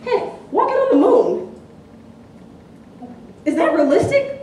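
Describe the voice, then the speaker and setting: High, expressive woman firing rhetorical questions. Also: slow pace, a little hiss or hum. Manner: fired-up, asks the room rhetorical questions. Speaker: motivational seminar speaker. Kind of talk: motivational storytelling talk. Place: large indoor gym. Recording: echoey gym, from far off.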